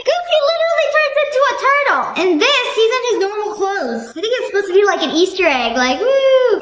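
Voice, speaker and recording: A young woman hosting a comedic reaction video, playful and slangy, laughing often. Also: very high-pitched. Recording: echoey room with loud background music.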